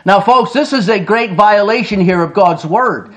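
A man preaching with a strikingly high voice for a man. He is emphatic and reads passages of old-style scripture aloud. He keeps calling his listeners folks as he drives each point home. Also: lively intonation, moderate pace, a bit bright. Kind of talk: sermon with scripture reading.

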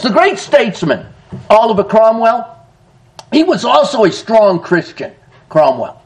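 A man preaching a sermon in an animated way, often laughing and calling his listeners folks. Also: sits high. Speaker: pastor.

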